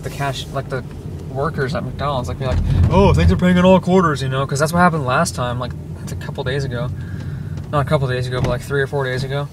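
A young man in his late teens, vlogging from inside a car in a rambling, filler-heavy way, saying "dude" and "freaking" a lot. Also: medium pitch. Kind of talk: casual rambling vlog talk. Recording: clear car and road noise.

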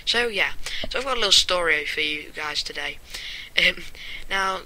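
Bright-voiced chatty male gamer. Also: high voice, animated, normal speed, a little hiss or hum, poor audio. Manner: rambling, chuckling storyteller. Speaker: gameplay commentator. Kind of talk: casual gameplay commentary.

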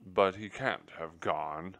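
A man reading aloud and voicing a placid, comfortable male mouse husband who speaks calmly and steadily. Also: deep voice, slow pace, vocal fry, no echo, heavily acted. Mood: sleepy. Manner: calm and steady, mildly firm.

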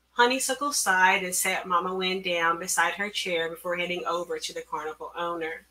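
A woman author reading her own story aloud, measured and careful, at an online event through a computer mic. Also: fairly low pitch, fairly even intonation, pushed and bright. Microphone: computer mic on a video call.

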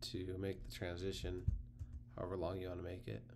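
Tutorial host, male, low and a bit gravelly, easygoing and unscripted, slight hum on the track. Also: brisk, over music. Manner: relaxed, thinking aloud while clicking through the screen. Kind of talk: casual screen-recorded software tutorial.

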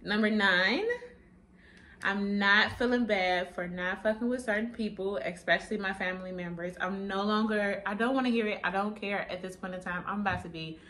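A woman's voice: medium pitch, moderate pace. A woman in her twenties talking casually to camera in a vlog, sassy and blunt, with plenty of swearing. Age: 20s. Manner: sassy, blunt, profane, animated. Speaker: vlogger.

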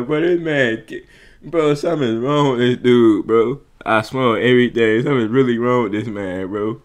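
A man's voice: medium pitch, normal speed. A man hosting a reaction video, casually commenting in exclamations and calling the listener bro. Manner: exclamatory, calls everyone bro, laughs throughout.

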